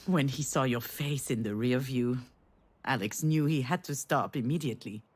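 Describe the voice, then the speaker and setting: A woman voicing a mother in a video game, telling a family memory in a warm storytelling manner. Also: very deep voice, moderate pace, breathy edge. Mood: tender. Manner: warm storytelling, rising to excited cries. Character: tender mother remembering a family trip.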